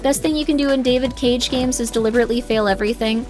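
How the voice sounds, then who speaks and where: Woman streamer, casual gaming chat, rambling, slightly high voice, faint game music behind. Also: fairly even intonation, fast talker, darkish tone. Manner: rambling, heavy use of 'like'.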